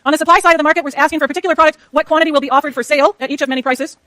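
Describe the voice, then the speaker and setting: A woman lecturing a university economics class, rushing through clicker questions and talking to herself as she works her slides. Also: sits high, steady tone, pushed and bright, no room sound. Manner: rapid, chatty, self-talk while working slides. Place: lecture hall.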